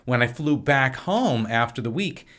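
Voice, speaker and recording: A man's voice: mid-range voice, unhurried. Chatty man telling long stories. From Wisconsin, USA. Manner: lively, rambling anecdotes. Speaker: podcast guest, filmmaker and actor. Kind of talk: casual storytelling.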